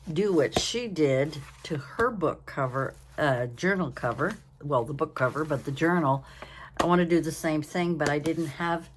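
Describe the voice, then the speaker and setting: Older woman, craft vlog host, tired and chatty, unhurried delivery, faint hum in the background. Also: low voice. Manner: chatty, rambling, yawning, apologetic. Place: home.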